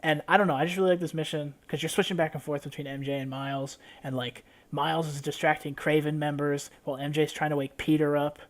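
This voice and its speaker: Lively young man, higher voice. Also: fast, few pauses. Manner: animated, swears freely while recapping. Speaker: podcast co-host. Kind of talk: casual chat.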